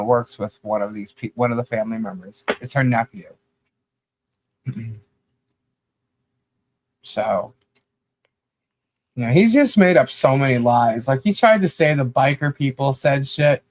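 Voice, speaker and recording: A man's voice: medium pitch, no echo. A man co-hosting a podcast, delivering critical commentary in a rambling, blunt rant full of "you know" and casual swearing. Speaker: podcast co-host.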